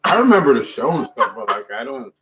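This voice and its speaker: Very animated joking man. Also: medium pitch, a little fast, highs cut off. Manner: animated, joking, heavy swearing. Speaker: podcast co-host. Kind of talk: casual chat.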